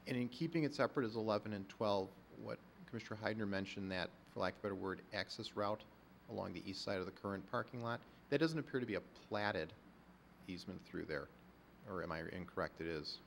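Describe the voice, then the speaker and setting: A man's voice: on the low side, fast, vocal fry, slight background noise. A man chairing a public planning meeting, phrasing his questions carefully and running through procedure. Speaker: commission chair.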